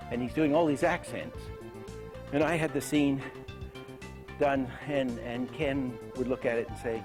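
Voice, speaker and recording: A man's voice: mid-range voice, normal speed, music in the background. Older man telling animation anecdotes. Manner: anecdotal, acts out quoted lines. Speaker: animation teacher. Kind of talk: recorded lecture on animation.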